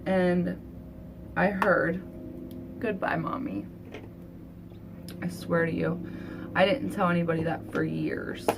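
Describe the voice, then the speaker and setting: Woman vlogger, lowish voice, earnest and halting, confessional storytelling, faint room hum. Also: level tone, vocal fry. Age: adult. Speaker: beauty vlogger. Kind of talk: emotional personal storytelling.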